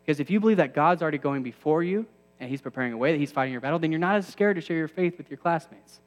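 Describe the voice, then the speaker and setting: A man's voice: a little high, expressive, rapid-fire, big-room sound. A man in his thirties preaching a sermon to a campus ministry, conversational with self-deprecating asides that build to emphatic peaks.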